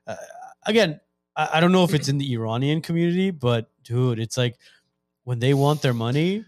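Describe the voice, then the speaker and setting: A man's voice: mid-range voice, lively intonation, moderate pace, darkish tone, dry recording, clean studio sound. A man hosting a podcast, chatting casually and retelling comedy bits.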